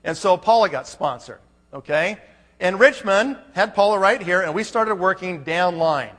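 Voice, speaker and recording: A man's voice: high voice, expressive, normal speed, fairly bright tone. A man speaking at a business conference, telling a story from the stage and acting out both sides of his phone calls. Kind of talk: motivational conference talk. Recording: long hall reverb.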